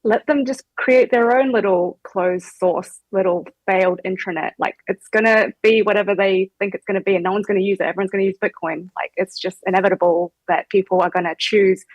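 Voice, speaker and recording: A woman's voice: mid-range voice, steady tone, a little fast, few pauses, dry recording, rough recording. A woman with a New Zealand accent, a guest chatting casually with lots of fillers. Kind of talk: casual chat.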